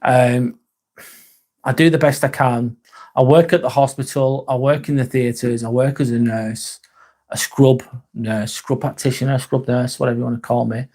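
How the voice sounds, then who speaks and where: An English man hosting a live stream in a casual, rambling chat, reading out and answering viewer comments with a halting, sincere manner. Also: medium pitch, fairly even intonation, a little mellow. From England. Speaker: livestream host.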